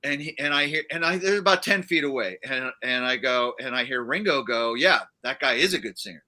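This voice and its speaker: Musician guy rambling thru an old studio story, lots of uhs, bright tone. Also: medium pitch, expressive, fairly quick. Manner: rambling, many fillers and restarts. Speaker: guest musician. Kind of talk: casual storytelling chat. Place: livestream studio.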